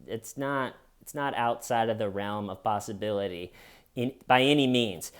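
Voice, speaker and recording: A man's voice: on the low side, normal speed, clean tone. A man giving casual comedic commentary with a wry, sarcastic delivery.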